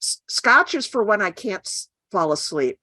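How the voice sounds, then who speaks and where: A woman's voice: medium pitch, very animated, moderate pace, sharp tone, no echo. An older woman, a guest artist, chatting frankly with wry asides. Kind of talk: casual chat.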